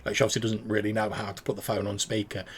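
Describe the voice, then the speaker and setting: A man's voice: fairly low pitch, level tone, very fast, slight background noise. A man narrating as game master, describing scenes with many fillers and restarts.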